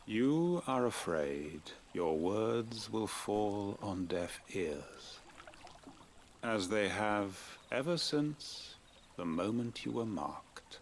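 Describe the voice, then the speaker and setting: An actor playing a formal middle-aged go-between in a fantasy game, speaking in a measured, deliberate way. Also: male voice, deep voice, slight background noise, heavily acted. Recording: game audio with music behind.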